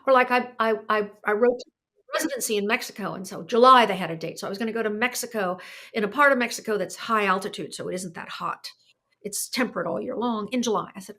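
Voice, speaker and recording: A woman's voice: fairly high pitch, fast, bright, forceful tone. An older woman, a podcast guest and artist, telling her story in a thoughtful, emotional way, often restarting her sentences. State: tearing up. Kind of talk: reflective conversational storytelling.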